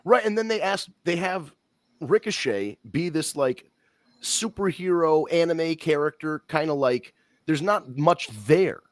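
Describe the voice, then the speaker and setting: A man's voice: on the high side, measured pace, no echo, studio quality. A man hosting a wrestling podcast, giving blunt, rambling opinions in casual talk and swearing freely.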